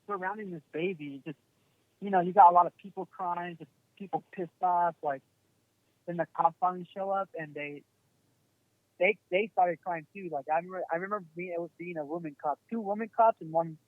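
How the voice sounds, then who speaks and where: A man's voice: a little high, no echo. A man telling a story as a podcast guest, rambling casually with lots of "like" and swearing. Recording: tinny phone-like sound.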